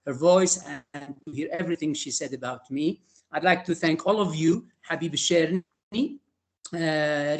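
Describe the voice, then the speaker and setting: An older man giving emotional, halting closing remarks on a video call. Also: on the high side. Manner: halting, many fillers and restarts. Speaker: retired teacher trainer.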